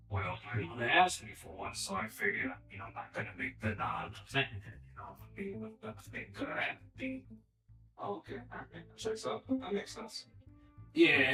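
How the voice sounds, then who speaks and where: A playful man talks loosely on a livestream and keeps slipping into silly bits and sudden bursts. His voice sits fairly high and jumps all over. He sounds set back from the mic in an echoey room, with faint music underneath. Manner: playful, swings into goofy character bits and loud outbursts. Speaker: livestreaming painter. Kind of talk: casual livestream chat. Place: home studio. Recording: roomy echo, mic at a distance, music behind.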